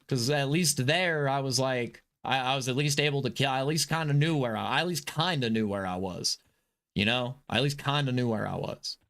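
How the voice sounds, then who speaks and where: Frustrated and agitated, this male gaming streamer keeps rambling, restarting his thoughts, cursing and saying sorry while he plays. His voice sits in the mid-range with a fairly bright tone, and the talk is casual live commentary on the game.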